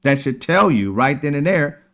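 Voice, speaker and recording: A man's voice: fairly high pitch, sing-song, normal speed, fairly bright tone. A man hosting a political commentary show, talking in a heated, sarcastic, preachy way and cursing freely.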